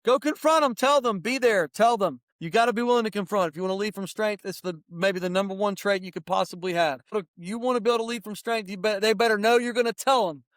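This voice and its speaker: A man's voice: high-pitched, fairly bright tone, no room sound, studio quality. A middle-aged man hosting a podcast, talking in a blunt, fired-up, preachy way. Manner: rapid-fire opinions. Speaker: podcast host. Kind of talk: casual motivational podcast talk.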